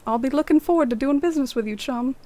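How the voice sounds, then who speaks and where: A woman's voice: high-pitched, fast talker, darkish tone, slight background noise, lightly acted. A woman voicing a friendly male cat shopkeeper in an attempted Cockney accent, with a salesman's patter. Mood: chummy.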